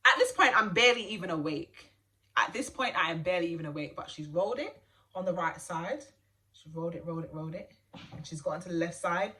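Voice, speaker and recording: A young woman telling a personal story to camera in an animated, chatty way, laughing and repeating phrases for emphasis. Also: mid-range voice. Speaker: vlogger.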